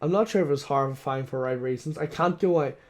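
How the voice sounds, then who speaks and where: A tired, hoarse man giving casual, self-deprecating commentary while reading through a game. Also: mid-range voice, fast talker. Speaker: let's play narrator.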